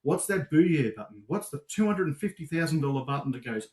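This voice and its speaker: An Australian man answering interview questions casually, lively and animated, getting worked up as he tells stories. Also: on the high side, brisk, hardly any pauses. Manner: animated storyteller, gets worked up. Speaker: guest, supplier sales manager.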